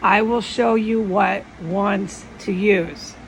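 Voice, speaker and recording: A woman imitating a calm, stern male voice that gives slow, measured commands. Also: mid-range voice, a little hiss or hum, close to an everyday voice, poor audio.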